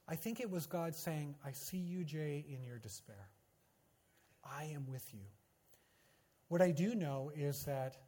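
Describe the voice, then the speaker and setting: A man preaching a sermon as pastor, telling a personal story with earnest emphasis and quiet, hushed phrase endings. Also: a little high, slightly rough.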